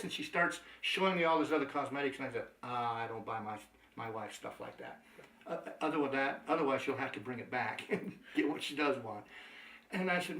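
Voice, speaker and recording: A man's voice: on the high side, fairly quick, roomy sound, far from the mic, low-quality recording. Chuckling man giving a sales training talk. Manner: chuckling, anecdotal, animated. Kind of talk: training talk with acted-out dialogue.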